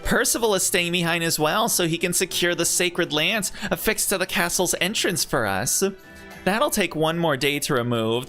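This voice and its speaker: A man's voice: on the high side, bright, forceful tone, voice pushed up. A man voicing a chatty, concerned young traveling companion, close to his own voice.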